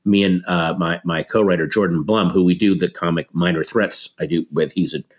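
Middle-aged male comedian, low register, animated anecdotal delivery with quoted voices. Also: brisk. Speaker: comedian guest. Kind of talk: conversational storytelling.

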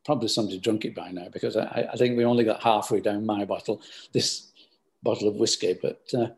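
Older man with a gravelly voice. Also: fairly low pitch, fairly even intonation, fast. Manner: rambling, hesitant, many restarts. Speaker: business founder. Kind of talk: storytelling interview answers.

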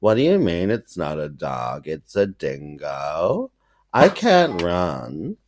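A man playing a ditzy young Los Angeles valley girl with vocal fry and a whiny drawl. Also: low-pitched, wildly swooping pitch, slow pace, slight background noise, pitched below the performer's own voice, full character voice. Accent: put-on Los Angeles valley girl.

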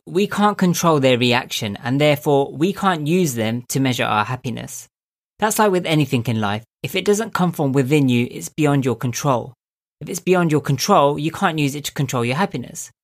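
Young guy, kinda nasal squeaky voice, chill earnest advice talk, asks the viewer questions. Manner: calm, earnest, coaching tone with rhetorical questions. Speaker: self-help video host. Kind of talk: reflective motivational talk to camera.

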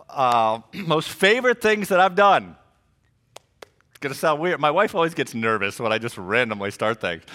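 A middle-aged man preaching a sermon as pastor, telling stories with jokes and lively asides. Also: fairly high pitch. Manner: animated storytelling with jokes and asides.

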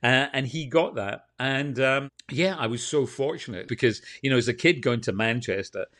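A Scottish man from Scotland with a Scottish accent, a TV presenter telling animated anecdotes in a casual interview. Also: medium pitch, moderate pace. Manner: animated anecdotes, quotes others. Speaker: TV and radio presenter, guest.

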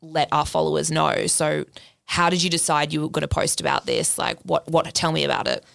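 Low gravelly woman, blunt host. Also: steady tone, a little fast, a bit bright, no room sound, clean studio sound. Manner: blunt, swears casually. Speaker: podcast host. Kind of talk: casual interview chat.

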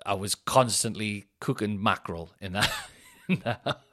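A man hosting a casual solo podcast, sweary and ranting in an animated way. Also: on the low side, unhurried. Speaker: podcast host. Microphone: headphones in, home podcast mic.

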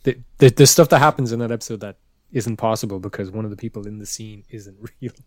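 A man's voice: fairly low pitch, quick pace, a little mellow, no room sound. A man in casual podcast talk, blunt, swearing, often restarting his sentences. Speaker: podcast co-host. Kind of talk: casual chat.

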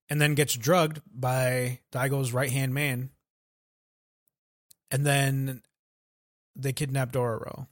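A man's voice: mid-range voice, steady tone, slow pace, pauses often, fairly bright tone, no echo, studio quality. A man casually recapping an anime episode with friends, laid-back and swearing freely.

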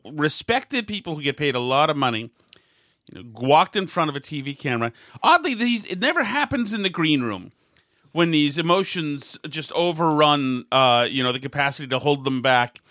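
Sarcastic middle-aged guy hosting a show, bright voice that jumps all over, dry close sound. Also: a little high, dry recording. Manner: mocking, rambling, animated. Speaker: show host. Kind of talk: sarcastic political commentary chat.

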